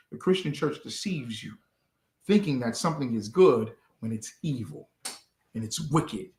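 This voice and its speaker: Male scripture teacher preaching to a class, forceful and repetitive, animated pitch, echoey room. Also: moderate pace. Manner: forceful, repeats phrases for emphasis.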